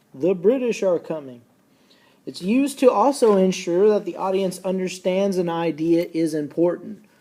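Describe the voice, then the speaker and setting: A man teaching a recorded lesson, folksy and casual, slowing down and repeating key points so students can take notes. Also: high voice, dark tone. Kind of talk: recorded classroom lecture.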